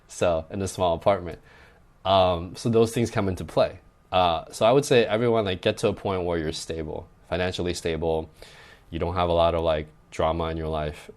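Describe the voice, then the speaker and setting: A young adult man who coaches dating, talking loosely in a podcast chat and often tagging lines with "right?". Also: sits low. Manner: loose and conversational, frequent "like" and "right?" tags. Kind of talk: casual podcast advice talk.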